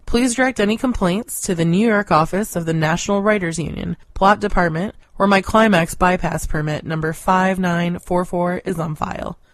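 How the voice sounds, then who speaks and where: A woman narrating a short story in a deadpan, sardonic manner. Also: fairly low pitch, normal speed, few pauses, no echo. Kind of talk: scripted story reading.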